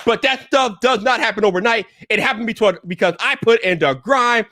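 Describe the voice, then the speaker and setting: High-voiced loud hype-man streamer. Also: dry recording, clean studio sound. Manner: loud hype-man shouting, drawn-out cheers. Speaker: live stream host. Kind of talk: hyped live stream talk.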